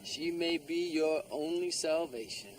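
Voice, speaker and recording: A man's voice: fairly high pitch, measured pace, a little hiss or hum, close to an everyday voice. A man playing an easygoing, friendly detective. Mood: friendly firm. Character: easygoing male detective, friendly but firm. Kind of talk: TV drama acting.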